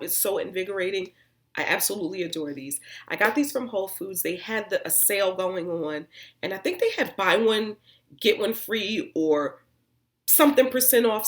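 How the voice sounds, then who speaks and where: A woman vlogger giving a casual, chatty, rambling review of her used-up skincare products. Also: mid-range voice. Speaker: beauty vlogger.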